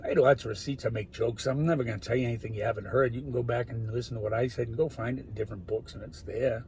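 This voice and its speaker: A man talking in a rambling monologue, drifting between loud bursts and muttered, whispered asides. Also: mid-range voice, fairly even intonation, racing, slight background noise. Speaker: solo talker.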